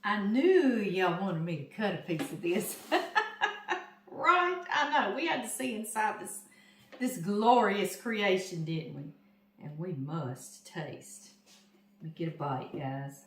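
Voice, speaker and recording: An older Southern woman with a Louisiana accent chats to her viewers at an unhurried pace while she works. She is recorded in a home kitchen, and the room echoes noticeably around her voice. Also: mid-range voice, lively intonation, a little hiss or hum. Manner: chatty, talks straight to viewers as "y'all". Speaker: home cooking vlogger. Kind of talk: casual cooking demonstration. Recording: roomy kitchen echo.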